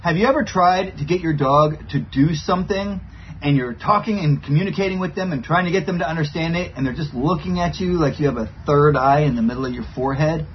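A man's voice: fairly high pitch, a little fast, a little hiss or hum. A man giving a casual talk as a dog trainer, explaining plainly and checking in with asides. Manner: explains with repeated "right?" asides. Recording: dull lo-fi sound with faint ambience.

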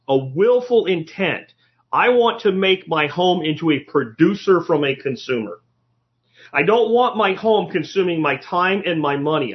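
A man's voice: a little high, muffled recording. A man hosting a solo podcast, talking bluntly and casually, swearing now and then and often restarting his sentences. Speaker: podcast host.

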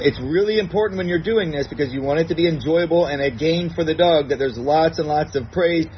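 Calm man explaining dog training step by step. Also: fairly high pitch, muffled recording, a little hiss or hum. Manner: calm step-by-step explainer who acts out his commands in a bright praising tone. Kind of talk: recorded instructional segment.

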